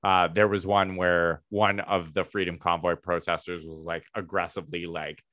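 A man's voice: low voice, little pitch movement, moderate pace, bright, forceful tone, no echo. A young man co-hosting a podcast in casual chat, blunt and sarcastic with plenty of swearing. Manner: blunt, profane, dry sarcasm. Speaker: podcast co-host.

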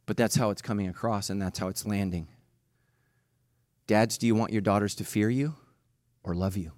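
Preaching with passion, a middle-aged pastor lurches between loud outbursts and quiet, slow emphasis. His voice is lowish, and the clean studio sound has no echo.

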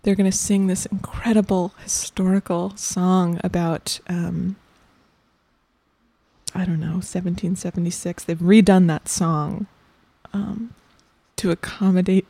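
A woman playing the weary guardian of a child performer, talking haltingly with many ums and sometimes dropping to a whisper. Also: lowish voice, flat delivery, dark tone, no echo. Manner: halting and hesitant, full of ums, drops to a whisper. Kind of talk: improvised comedy interview character.

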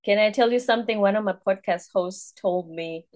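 A woman's voice: medium pitch, brisk, a little mellow. A woman hosting a podcast interview, upbeat and chatty. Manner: upbeat, laughs easily. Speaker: podcast host. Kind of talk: casual interview chat.

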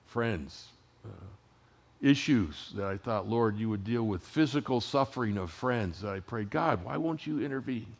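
A man in his sixties, a pastor giving a sermon in a conversational storytelling way, his voice dropping to hushed tones and rising again. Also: on the low side, animated, moderate pace. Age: 60s.

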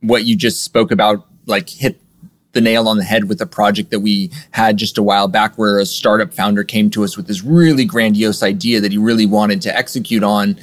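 Man, low voice, casual interview guest explaining his business, lots of "you know". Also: brisk. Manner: relaxed, filler-heavy explaining. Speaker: guest, software agency owner.

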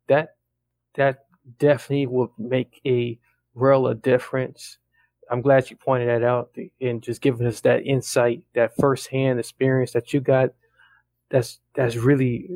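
A man co-hosting a talk show, warmly affirming and praising what his partner says. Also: mid-range voice, little pitch movement, unhurried, dry recording. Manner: affirming, praising the other speaker. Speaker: podcast co-host. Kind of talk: casual podcast talk.

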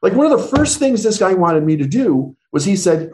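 A man's voice: on the high side, sing-song, fairly quick, few pauses, darkish tone. A middle-aged man, a business coach being interviewed, telling stories earnestly and acting out the dialogue he quotes. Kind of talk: storytelling interview answers.

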